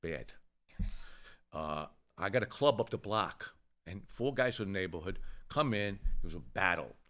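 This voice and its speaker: An older man with a fairly low voice tells a story from the old neighborhood in a loose, casual way. He swears freely and slips into the voices of the people he quotes. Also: measured pace. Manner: rough-edged, swears freely, animated when quoting others. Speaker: show host telling a story.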